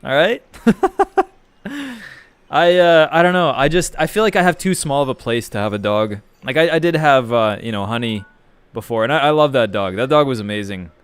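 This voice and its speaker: A man with a smooth, medium-pitched voice talks briskly while playing a video game on stream, reading and answering chat in a swearing, meandering way. The recording is dry.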